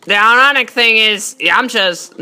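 A woman giving excitable, profane let's-play commentary, yelling at enemies and bantering in character as a god persona. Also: a little high, a little slow, smooth. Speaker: gaming channel host.

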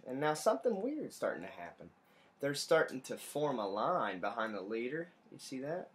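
A male teacher reading a picture book aloud to children, animated, explaining and pointing out the pictures. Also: mid-range voice, normal speed.

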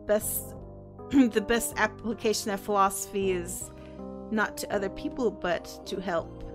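A woman's voice: mid-range voice, fairly even intonation, measured pace. A woman streamer making casual, joking commentary while playing a game. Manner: joking asides, laughs. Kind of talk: casual let's-play commentary. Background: game soundtrack music.

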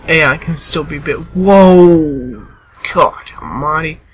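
A man's voice: fairly high pitch, fast talker, pushed and bright, husky. A tired, yawning man giving casual gameplay commentary and chattily bossing game characters around.

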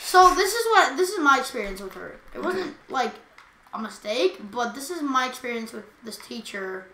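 A woman's voice: high-pitched, moderate pace, a little hiss or hum. A teenage girl co-hosting a podcast, telling school stories in a casual chat and acting out what people said. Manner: animated storytelling, acts out quotes. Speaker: podcast co-host. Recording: echoey room.

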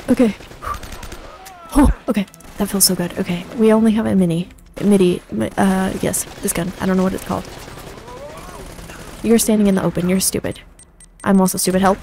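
A woman's voice: medium pitch, fairly even intonation, a little fast, gravelly, pauses often, warm tone, slight background noise. A woman giving let's play commentary while gaming, panicky and self-mocking, often repeating herself. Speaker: gaming streamer.

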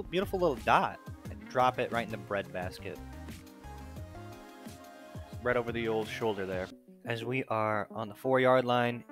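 A young man hosts a gaming video, giving sarcastic, casual play-by-play on his football game and swearing often. His voice is medium-pitched with a fairly bright tone.

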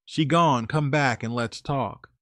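A man's voice: mid-range voice, slow, fairly bright tone, no room sound. A man voicing a brash, towering young Eastern European man who talks in blunt, clipped slang, in a dry recording.

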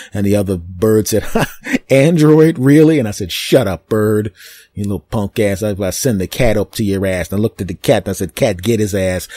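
A man hosting a podcast, telling an animated, rambling comic story with deadpan asides. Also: fairly low pitch, slightly rough, no echo. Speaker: podcast host. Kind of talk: comedic storytelling monologue.

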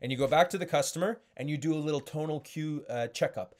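A young man giving a casual sales training talk, animated and full of fillers as he demonstrates high and low tones. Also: quick pace. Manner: frequent fillers and restarts.

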